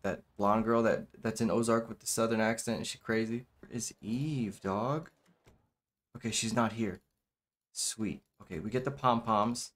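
A man giving casual let's-play commentary, rambling with lots of fillers and repeated "okay.". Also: lowish voice. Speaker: gameplay commentator.

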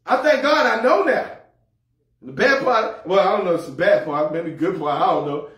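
A man's voice: high-pitched, normal speed, fairly bright tone. A man preaching a sermon as pastor, humorous and folksy, repeating words as he goes. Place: church sanctuary. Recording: echoey hall, mic far off.

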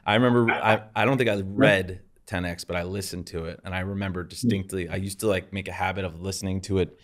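A man's voice: sits low, steady tone, fast talker. A man hosting a podcast, upbeat and joking in casual chat. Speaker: podcast host.

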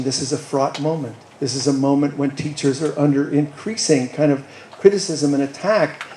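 Gravelly older man lecturing in a roomy hall. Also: fairly high pitch, dark tone. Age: 60s. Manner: wry, teasing, earnest. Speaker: guest speaker. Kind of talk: public lecture.

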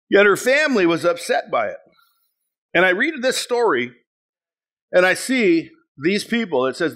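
A middle-aged male pastor preaching a sermon, telling stories with sudden shouted bursts and acted-out quotes. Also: sits high. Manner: animated storytelling, bursts into shouts, acts out quotes.

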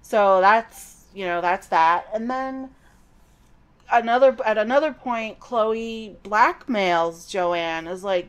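A middle-aged woman talks through a story she has read. She is casual and conversational, and drifts into personal asides before picking the thread back up. Her pitch sits at a mid level for a woman. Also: slow, smooth. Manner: chatty and digressive, with personal asides. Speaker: podcast host recapping a novel. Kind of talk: casual book recap.

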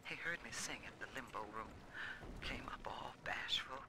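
An actress voicing a frightened female nightclub singer recording an audio diary in a video game, speaking in a breathy, gravelly half-whisper. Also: very deep voice, moderate pace. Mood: fearful.

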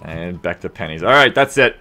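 An Australian man live-streaming a game, bantering with his viewers in a profane, sarcastic and animated way. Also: medium pitch, a little fast, soft background music.

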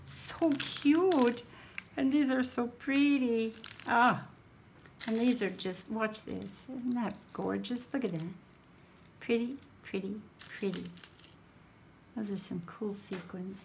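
A woman's voice: a little high, slow, vocal fry, slight background noise. A woman, hosting a craft channel and chatting casually as she unboxes a gift, exclaiming over each item.

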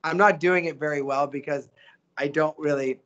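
A middle-aged voice actor chatting as a guest, animated and motivational, often acting out the quotes he tells. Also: fairly high pitch, moderate pace, muffled recording. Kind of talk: casual interview chat.

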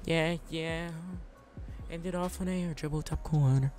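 A young man giving excitable, trash-talking live commentary on his own gameplay, swinging between loud outbursts and low mutters. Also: a little slow, faint music behind. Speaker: gaming streamer.

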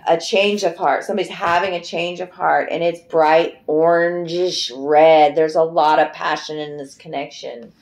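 A woman's voice: low voice, steady tone, a little slow, darkish tone. A middle-aged woman giving a casual, emotive tarot card reading, chatty and loose, swearing freely. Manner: chatty and emotive, breaks into singing. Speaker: tarot reader.

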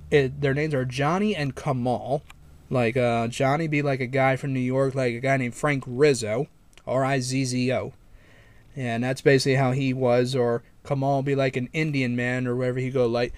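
A man's voice: mid-range voice, dry recording. A man casually showing his collection, talking in a rambling, easygoing way. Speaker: vlogger. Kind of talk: casual show-and-tell.

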